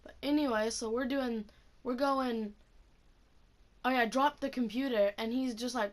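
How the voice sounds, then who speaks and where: A woman's voice: fairly high pitch, steady tone, measured pace, pauses often. A teenage woman telling a school story in a casual, profane vlog rant, full of "like". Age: teens. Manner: casual, profane, heavy use of "like". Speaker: student.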